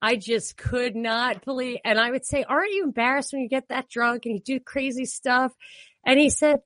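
A woman co-hosting a casual political chat, talking in a chatty way with laughing asides and quick restarts. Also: high voice, a bit bright, no room sound. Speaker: co-host.

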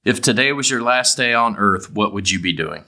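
A man's voice: fairly low pitch, expressive, normal speed, pushed and bright. A man hosting a casual chat, easygoing, asking questions and keeping things moving.

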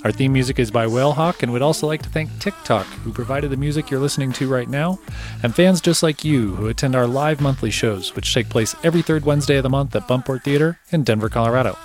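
A man reads a podcast's closing credits and thanks in a plain, businesslike voice of middle pitch. Soft music plays quietly under him. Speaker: podcast producer and host. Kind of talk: scripted credits read. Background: faint theme music.

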